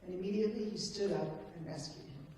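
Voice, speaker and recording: A woman reading a text aloud to a study group, slow and measured. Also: lowish voice, warm tone, slight background noise. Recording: echoey hall from far off.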